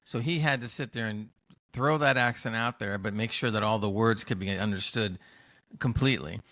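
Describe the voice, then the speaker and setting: A man's voice: fairly low pitch, moderate pace, fairly bright tone, no room sound, clean studio sound. A man co-hosting a casual review chat over a video call, easygoing, with stammering restarts. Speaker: co-host of a TV review show.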